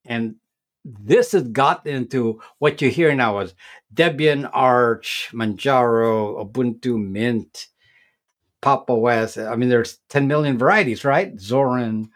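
A man who makes tech videos, explaining things as an interview guest in a casual, halting way with many repeated words and restarts. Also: mid-range voice.

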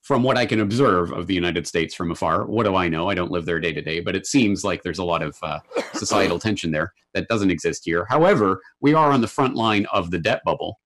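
A male guest in a casual talk, explaining things in a measured, analytical way. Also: low voice, fairly bright tone. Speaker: guest commentator. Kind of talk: casual chat. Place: Japan.

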